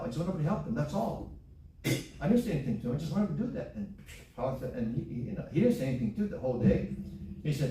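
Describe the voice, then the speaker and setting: A man's voice: mid-range voice, animated, fast, dark tone, slight background noise. A man preaching a sermon in a church, folksy and repeating phrases for emphasis. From Hawaii. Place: church sanctuary. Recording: echoey church hall, from far off.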